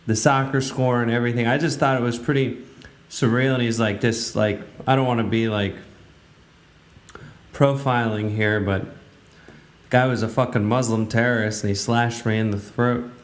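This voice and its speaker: A man's voice: medium pitch, steady tone, moderate pace. A man hosting a radio talk show, giving casual, rambling commentary in a blunt way with many fillers. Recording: roomy, echoey room.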